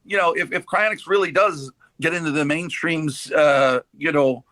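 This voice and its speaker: A man hosting a casual discussion, telling animated stories and acting out quoted dialogue. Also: on the high side, normal speed, dry recording. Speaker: host.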